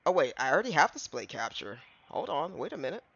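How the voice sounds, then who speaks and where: A man's voice: fairly high pitch, big pitch swings, fast talker, vocal fry, a bit bright, breathy edge, lo-fi sound. A man streaming a game live, chatting casually and rambling to his chat between fits of giggles.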